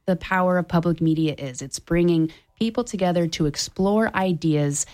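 A woman's voice: fairly low pitch, moderate pace, a little mellow. A woman hosting public radio, making an upbeat, persuasive appeal during a membership drive from a studio microphone.

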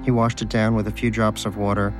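A man with a lowish voice reads a story aloud with dry, wry timing. Faint music plays softly behind him. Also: flat delivery, fast talker. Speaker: narrator. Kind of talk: audiobook narration.

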